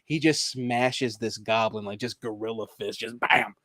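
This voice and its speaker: A man's voice: lowish voice, a little slow, pushed and bright, no room sound. Man laughing through casual podcast chat. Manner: laughs often, restarts sentences, trails off. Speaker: podcast co-host. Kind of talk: casual chat about video games.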